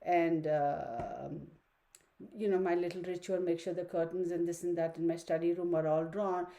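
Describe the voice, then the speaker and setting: A woman's voice: on the low side, steady tone, moderate pace, warm tone. A woman giving a chatty, opinionated tarot reading from her home study, talking to viewers and her dog. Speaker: tarot reader. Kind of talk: casual online tarot reading.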